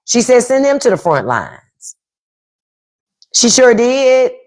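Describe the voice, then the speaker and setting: A woman's voice: on the high side, big pitch swings, takes it slowly, darkish tone. A woman hosting a casual livestream, talking bluntly and with profanity while answering the chat. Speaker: podcast host on a livestream.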